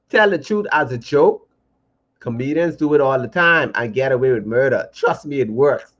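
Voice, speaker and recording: A man co-hosting a podcast in casual, playful banter, animated and mock-indignant. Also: medium pitch, moderate pace. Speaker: podcast co-host. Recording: dull lo-fi podcast audio.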